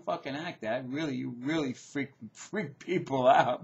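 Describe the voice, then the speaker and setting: A middle-aged man hosting his own show, ranting in a loud, profane, repetitive way. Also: medium pitch, unhurried, creaky, hardly any pauses, dull audio. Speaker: show host. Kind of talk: ranting video commentary.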